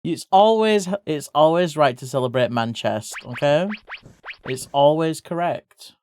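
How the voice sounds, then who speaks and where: A livestreamer chatting casually with viewers while drawing, swearing freely and breaking into excited yelps. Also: mid-range voice, unhurried, slight background noise.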